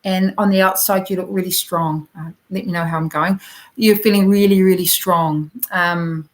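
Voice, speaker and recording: A woman with a New Zealand accent giving a gentle, encouraging oracle card reading to viewers, talking directly to them with plenty of ums. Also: fairly low pitch, steady tone, moderate pace, low-quality recording.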